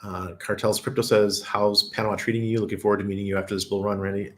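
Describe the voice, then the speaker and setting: A man's voice: on the low side, flat delivery, fast, a bit bright. A man hosting a casual livestream, reading viewer comments and rambling with frequent chuckles and fillers. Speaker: crypto livestream host. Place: lives in Panama.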